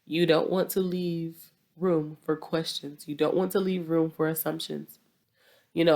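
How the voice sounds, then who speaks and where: A woman's voice: low voice, level tone, a little slow, a little mellow. A woman with a Southern US accent hosting a relationship advice talk, speaking directly and repeating points for emphasis. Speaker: relationship advice podcast host.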